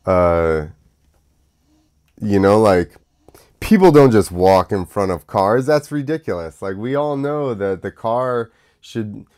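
A man's voice: mid-range voice, darkish tone. A young man hosting his own show, talking casually in a sarcastic, ranting monologue that drifts off on tangents. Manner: sarcastic, mocking. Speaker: show host.

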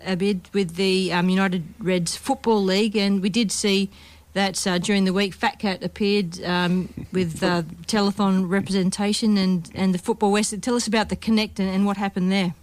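A woman co-hosting a radio show from the studio, chatting casually with fillers and frequent laughs. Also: mid-range voice. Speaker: radio co-host.

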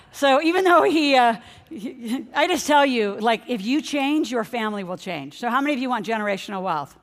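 A middle-aged woman, a financial coach, giving an energetic motivational seminar talk and speaking straight to her audience. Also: fairly high pitch, moderate pace. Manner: energetic, excitable, addresses the audience directly. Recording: long hall reverb.

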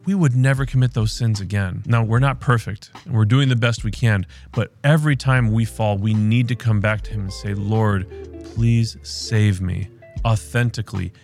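A man's voice: lowish voice, darkish tone, faint music behind. Earnest man reading scripture. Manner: earnest, slows down when reading quotes. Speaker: podcast host reflecting on scripture.

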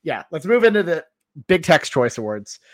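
A man's voice: a little high, very animated, normal speed, no room sound, studio quality. A young man hosting a podcast in casual chat, hedging with lots of fillers as he steers the talk. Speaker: podcast host.

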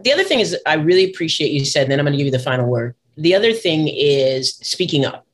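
A woman's voice: low voice, animated, fast talker. Woman interviewer: affirming, encouraging, firm on her points. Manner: supportive, affirming, wraps up with a firm takeaway. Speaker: podcast host, interviewer. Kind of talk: conversational interview.

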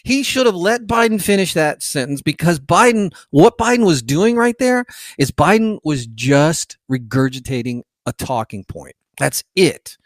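A man's voice: fairly high pitch, expressive, unhurried, no room sound, studio quality. A male podcast host giving frustrated, rambling political commentary.

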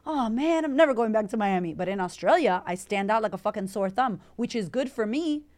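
A woman's voice: on the high side, brisk. Brash, swearing woman coaching on a live stream. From Puerto Rico. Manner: brash, profane and energetic, swearing freely; reads and answers viewer comments aloud. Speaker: confidence coach and podcast host. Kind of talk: Instagram live Q&A.

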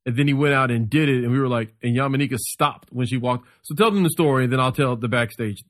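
A comedian on a podcast in casual chat, an animated storyteller who acts out what others said. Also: male voice, mid-range voice, fast, no room sound, studio quality.

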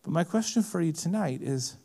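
A man preaching a sermon, swinging from quiet, low asides to impassioned, rising appeals. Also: lively intonation, brisk, gravelly. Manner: impassioned, rising to shouts then dropping low. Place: large event hall.

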